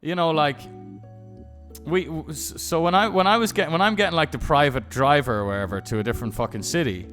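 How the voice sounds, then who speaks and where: A young man live-streaming who rambles through stories and keeps restarting and swearing along the way. His voice sits high for a man. Faint music plays under him. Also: fairly quick, a bit bright. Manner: rambling, profane storytelling with many restarts. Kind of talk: casual chat.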